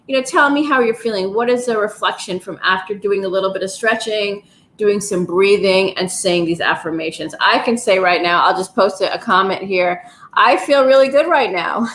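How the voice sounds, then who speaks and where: A woman coaching a live wellness session, gentle and encouraging, her voice soothing and unhurried. Her voice sits at a middle pitch. The room around her is roomy and echoey, with a faint hiss behind her. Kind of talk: guided stretching, breathing and affirmations. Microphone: livestream, device mic.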